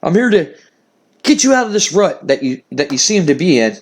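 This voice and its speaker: A man's voice: a little high, big pitch swings, a little fast. A man casually voicing an earnest male wrestling champion who reassures a rival in a game recap, stumbling and repeating words. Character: friendly male wrestling champion offering respect.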